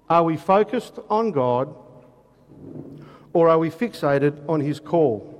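A man preaching a sermon, asking rhetorical questions and reading scripture slowly with emphasis. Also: a little high, a little mellow. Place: church hall. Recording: long hall reverb.

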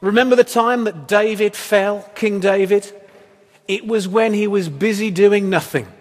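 A man's voice: high voice, a little slow. A man preaching a sermon as pastor, in a conversational, wry style full of rhetorical questions. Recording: echoey hall reverb.

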